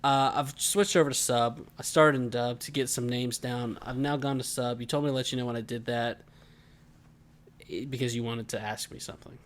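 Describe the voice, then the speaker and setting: A man's voice: mid-range voice, steady tone, fairly quick. A man in his twenties co-hosting a podcast, chatting casually with rambling, joking stories. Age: 20s. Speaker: podcast co-host. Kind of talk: casual chat.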